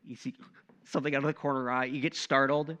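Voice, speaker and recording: A young man preaching a sermon in a conversational, animated way, often tossing in "right?" to the listeners. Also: mid-range voice, fast. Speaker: pastor.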